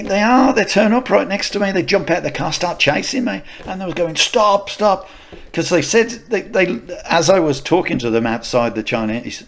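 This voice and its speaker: Animated man telling a story. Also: on the high side, vocal fry, slight background noise. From United Kingdom. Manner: animated storyteller, laughs often, stammers on restarts. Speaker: podcast co-host, martial arts instructor. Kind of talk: casual anecdotal chat.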